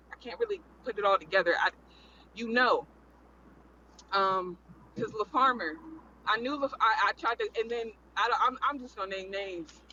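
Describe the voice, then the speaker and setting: A man's voice: high voice, sharp tone, dull audio, a little hiss or hum. A man in a casual panel chat, talking in a rambling, emphatic way and repeating his points.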